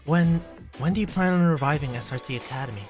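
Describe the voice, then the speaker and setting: A streamer reading the lines of a stern, disciplined soldier girl, curt and flat. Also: medium pitch, fast talker, soft background music, pitched below the performer's own voice, close to an everyday voice.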